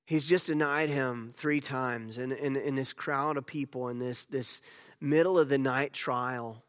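A male pastor preaching a sermon as a storyteller, with loud emphatic moments and hushed, near-whispered passages. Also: medium pitch, steady tone, measured pace. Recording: long hall reverb.

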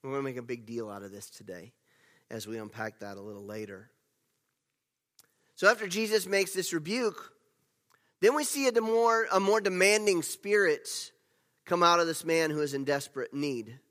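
A man preaching a sermon as pastor, telling the story with animated swings between loud emphasis and hushed asides. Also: fairly high pitch, moderate pace. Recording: long reverb of a large hall.

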